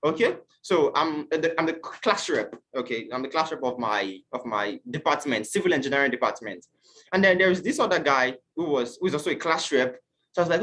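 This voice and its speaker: A man from Nigeria teaching an online class, earnest and questioning, at times acting out shouted quotes. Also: fairly high pitch, expressive, a little fast. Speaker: youth teacher.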